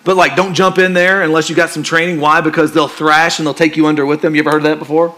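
A male pastor preaching a sermon in a conversational, joking style that turns quiet and earnest for emphasis. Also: on the high side, little pitch movement, fast talker.

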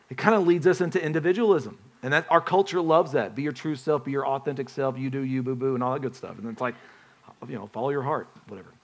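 A man's voice: medium pitch, a bit bright. A man preaching a sermon in a conversational way, often putting questions to the congregation and restarting his phrases. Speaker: pastor.

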